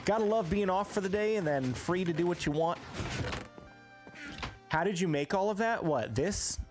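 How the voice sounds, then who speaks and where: A man's voice: high voice, animated, moderate pace, music in the background. A man streaming a game live, chatting casually and answering viewers as he plays. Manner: chatty, reads chat aloud and answers viewers. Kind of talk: live gameplay stream chat.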